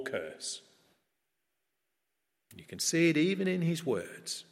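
A man preaching a sermon in a measured, earnest way that builds in emphasis. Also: fairly high pitch, big pitch swings, vocal fry. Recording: long reverb of a large hall.

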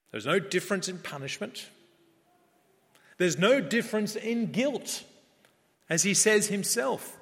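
A man preaching a sermon in a measured, earnest way that builds in emphasis. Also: sits high, a bit bright. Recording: long reverb of a large hall.

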